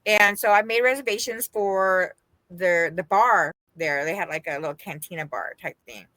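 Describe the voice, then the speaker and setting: A woman from Las Vegas co-hosting a podcast, telling a story in casual chat, animated and laughing as she quotes the people in it. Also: lowish voice, moderate pace, dry recording. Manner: animated, laughing, quoting others in her story. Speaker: podcast co-host.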